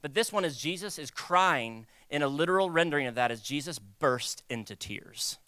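A young man preaching a sermon in a conversational, animated way, acting out quoted voices. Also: fairly high pitch, normal speed, clean tone, no room sound. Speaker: pastor.

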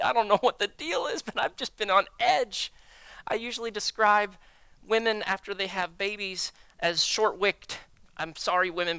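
A lead pastor giving a candid, self-deprecating sermon to his church, telling stories with an animated delivery. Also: sits high, clear, resonant tone, dry recording. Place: church sanctuary.

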